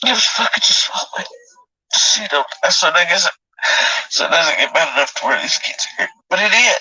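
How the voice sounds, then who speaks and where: A woman's voice: on the low side, lively intonation, fairly quick, bright, forceful tone, breathy edge, no echo, far from the mic, rough recording. A woman giving raw, tearful personal testimony, swearing often.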